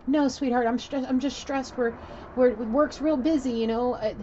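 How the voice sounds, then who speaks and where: A nervous, stammering man pleads and reassures in a strained, raised voice, as a woman puts him on. He tumbles over his own words, fast and anxious. The recording sounds a bit dull, with a faint hiss underneath. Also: high voice, fairly even intonation, darkish tone, pitched above the performer's own voice, lightly acted. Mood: pleading.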